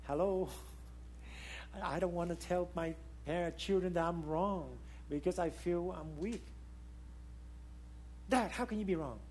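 A man preaching a sermon in non-native English, emphatic and full of rhetorical questions, rising to loud high peaks and dropping to quiet low asides. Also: slight background noise. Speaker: pastor.

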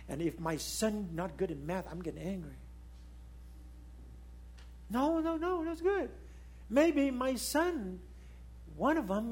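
A husky-voiced man preaching in non-native English. He keeps asking the listeners questions, climbing to loud high points and then falling back to soft, low remarks. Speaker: pastor. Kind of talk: sermon.

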